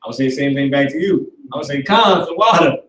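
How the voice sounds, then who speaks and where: A man's voice: mid-range voice, steady tone, racing, darkish tone, reverberant, far from the mic, low-quality recording. A man teaching a casual live language class, loose and slangy, with some swearing.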